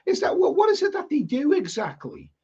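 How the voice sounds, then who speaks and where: Hosting a live stream, an older Liverpudlian reads out chat comments in a fairly high, creaky, slightly mellow voice whose pitch swoops wildly. He talks briskly, rambling, repeating words and swearing bluntly in casual fashion, with dull, lo-fi sound quality.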